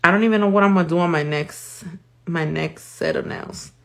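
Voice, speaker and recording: A woman's voice: lowish voice, brisk, gravelly, a bit bright. A woman, chatting casually with viewers and swearing freely while she demonstrates her work on a live tutorial. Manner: casual, swears freely, switches between English and Spanish. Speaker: nail artist.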